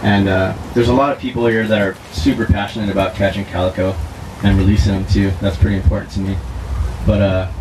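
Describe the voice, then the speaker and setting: A man with a fairly low voice gives a short thank-you speech, pausing often and filling gaps with "uh." He sounds grateful and a little unsure of his words. Steady outdoor noise sits clearly behind him. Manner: halting and grateful, many "uh"s. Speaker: winning angler giving thanks. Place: outdoor tournament weigh-in. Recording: noisy outdoor recording.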